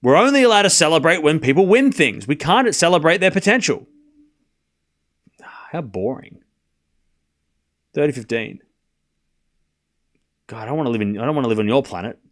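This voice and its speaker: A man's voice: fairly high pitch, big pitch swings, fast talker, few pauses, a bit bright. A man hosting a live tennis watchalong stream. He calls the score between points and argues sarcastically with his chat. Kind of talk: live commentary and casual chat with viewers.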